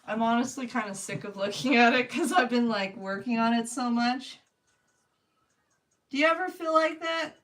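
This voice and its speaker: A young woman with a Californian accent chats casually to her stream while painting. Her voice sits a little high and sounds slightly distant from the microphone. She laughs often and speaks straight to her viewers. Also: moderate pace, fairly bright tone. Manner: chatty, laughs often, talks to chat. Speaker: art streamer.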